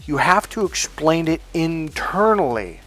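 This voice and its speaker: Man, fairly high voice, emphatic, profane, coaching tone. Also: very animated, measured pace, fairly bright tone, faint music behind. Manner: blunt, profane, emphatic, acts out quoted speech. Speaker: dating coach. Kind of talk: coaching monologue to men.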